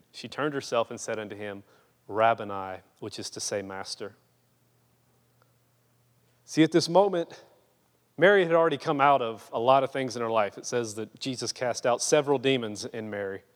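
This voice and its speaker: A young man preaching a sermon in a casual, storytelling way, sometimes lively and sometimes hushed and earnest. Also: mid-range voice, long reverb tail.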